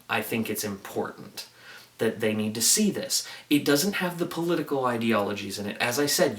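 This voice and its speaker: A man's voice: medium pitch, a bit bright. Earnest male film reviewer, roomy echo. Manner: earnest and enthusiastic, with frequent "like" fillers. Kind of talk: casual movie review monologue. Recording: roomy echo, distant from the mic.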